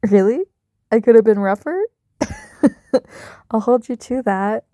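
A young adult woman performing an intimate audio role-play in a teasing, dominant, soft-spoken way with whispered asides. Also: fairly high pitch, animated, takes it slowly, no room sound, clean studio sound.

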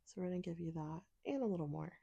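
A woman's voice: fairly low pitch, lively intonation, quick pace, vocal fry, mellow, slightly rough. A woman speaking in an intimate audio role-play, teasing and commanding, sometimes dropping to a whisper.

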